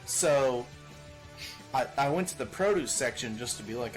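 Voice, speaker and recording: A man of middle pitch rambles to his viewers in a loose, animated way. He laughs, swears freely and keeps going. Music plays clearly behind him on the stream. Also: normal speed. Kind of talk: casual chat with stream viewers. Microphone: desk microphone.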